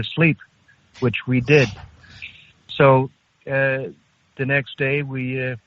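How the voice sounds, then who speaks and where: Halting older man on a phone line. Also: mid-range voice. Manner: halting, unhurried, frequent hesitations. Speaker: interview guest. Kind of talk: recounting a personal story. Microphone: phone call.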